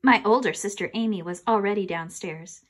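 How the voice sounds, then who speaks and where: A woman reading a children's chapter book aloud in an expressive, animated way. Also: mid-range voice, a little fast. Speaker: reader.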